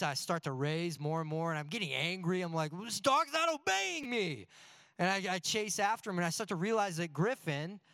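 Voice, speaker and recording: A man's voice: sits high, a bit bright, dry recording, clean studio sound. A man preaching a sermon in a loose, joking way, full of rhetorical questions. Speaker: pastor.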